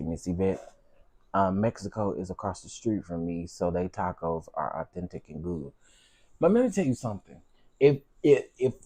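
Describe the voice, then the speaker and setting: A man chats casually on his livestream, full of slang and playful asides. His husky, mellow voice swings up and down a lot, and his pitch sits on the low side. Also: no room sound. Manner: chatty, animated, Southern slang. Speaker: livestream host. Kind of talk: casual live-stream chat.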